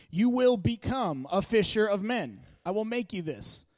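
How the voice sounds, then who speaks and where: A man giving a casual sermon in a church, talking in a chatty, joking, animated way. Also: high-pitched, moderate pace, hardly any pauses, dry recording. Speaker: church speaker. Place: church meeting room.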